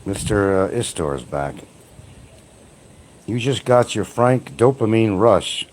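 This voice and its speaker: The speaker is an older retired man hosting a laid-back, rambling livestream, where he curses bluntly, ridicules people, and laughs frequently. He takes his time, with a fairly low, darkish, animated voice over a slight hiss or hum.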